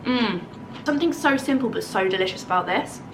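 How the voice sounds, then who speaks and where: A woman's voice: fairly high pitch, expressive, brisk, far from the mic, noisy background. A woman with an English accent chatting casually in a home vlog, bubbly and thinking aloud as she tastes food, then tidies the garden. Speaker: lifestyle vlogger.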